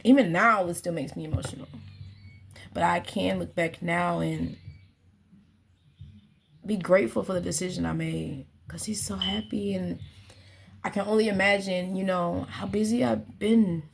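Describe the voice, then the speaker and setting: A woman's voice: on the low side, steady tone, normal speed, vocal fry, pauses often, a little hiss or hum. A woman working as an astrological guide, talking in a casual, earnest spiritual reflection and repeating her phrases as she muses.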